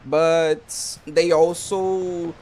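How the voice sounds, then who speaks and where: Rambling gamer guy, slightly high. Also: little pitch movement, very slow, darkish tone, slight background noise. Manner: rambling, many fillers. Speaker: streamer. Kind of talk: casual commentary while gaming.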